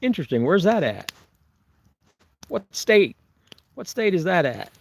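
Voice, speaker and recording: A man's voice: high-pitched, sing-song, a little slow, creaky. Chatty man rambling on a livestream. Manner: rambling, chuckling, frequent restarts. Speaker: Bigfoot researcher vlogger. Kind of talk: casual livestream chat reading viewer comments. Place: camping on remote forested property.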